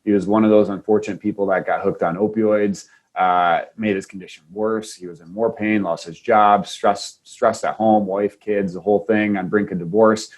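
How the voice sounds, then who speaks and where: A man's voice: on the low side, fairly even intonation, normal speed, hardly any pauses. A man from Wisconsin, a chiropractor, telling a heartfelt personal story in an earnest way, often restarting his sentences. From Wisconsin, USA. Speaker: chiropractor, podcast guest.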